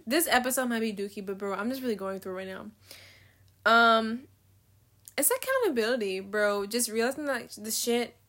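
A woman's voice: on the high side, fairly bright tone. A nineteen-year-old woman hosting a casual solo podcast, rambling with lots of fillers and swearing, with a slight lisp. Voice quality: says she has a slight lisp. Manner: rambling, swears freely, filler-heavy, laughs at herself. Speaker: podcast host.

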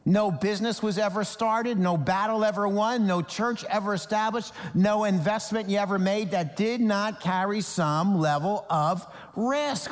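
A man from New Jersey preaching a sermon as pastor, animated, acting out Bible characters in quoted voices. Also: sits high, unhurried, few pauses, long reverb tail.

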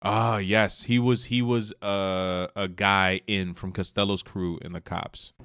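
A man with a very low voice trades loose, jokey, profane banter as a podcast co-host. The sound is close and dry, with no room around it. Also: little pitch movement, takes it slowly, fairly bright tone, smooth, no echo. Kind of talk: casual chat.

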